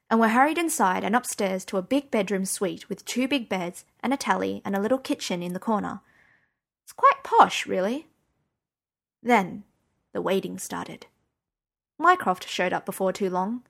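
A woman's voice: mid-range voice, creaky, a bit bright. A woman narrating a story in the first person, conversational and wry. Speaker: audiobook narrator.

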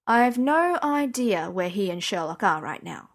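A woman reading the lines of a guarded, formal middle-aged man in an audiobook, slow and measured. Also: medium pitch, sing-song.

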